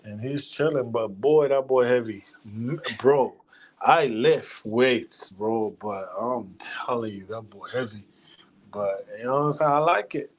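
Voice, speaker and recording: A young man co-hosting a sports talk show, talking in a relaxed, casual way and laughing often. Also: medium pitch, measured pace, slight background noise. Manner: laid-back, laughs often. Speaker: podcast co-host.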